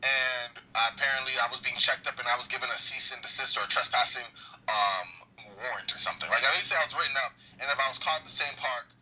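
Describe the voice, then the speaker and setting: A man's voice: mid-range voice, fast talker, bright, forceful tone, breathy edge, rough recording. A young man telling a personal story in casual conversation. He rambles a little, restarts his sentences and acts out the dialogue. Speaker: guest recounting experiences.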